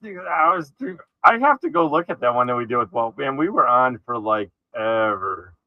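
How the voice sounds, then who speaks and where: A man's voice: a little high, fairly quick, no room sound. Laid-back man on a dull, dry line. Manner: relaxed, filler-heavy talk. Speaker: host of a live video call. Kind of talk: casual chat. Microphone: video call.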